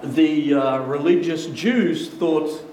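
A male pastor delivers an emphatic sermon, often slowing down and repeating phrases to drive them home. His voice sits high for a man. It rings through a roomy hall, caught by a mic set some distance away, with a faint hiss underneath. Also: darkish tone.

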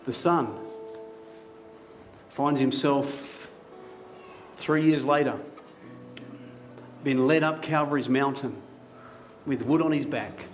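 A male pastor preaching a sermon in a church, telling a story vividly with dramatic pauses. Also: mid-range voice. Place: church hall.

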